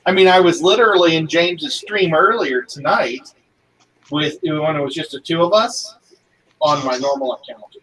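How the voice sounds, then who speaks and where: A joking man with a fairly high voice, a guest on a group stream, who teases himself as he chats. He sounds set back from the mic, with faint noise behind him. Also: moderate pace, a bit bright, recorded from a distance, rough recording. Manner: playful, joking, self-deprecating. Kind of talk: casual chat.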